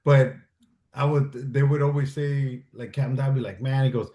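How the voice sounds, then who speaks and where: A man's voice: mid-range voice, fairly even intonation, normal speed, dark tone. A man in casual interview chat, telling stories animatedly, acting out quoted dialogue and swearing freely. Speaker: guest, military advisor and stuntman. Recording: roomy echo.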